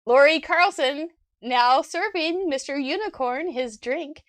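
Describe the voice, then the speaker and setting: A chatty female host with a slightly high voice talks enthusiastically about viewers' crafts, laughing easily. The sound is dry and close, with no room around it. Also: a little slow, dry recording. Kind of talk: casual chat reviewing viewer crafts.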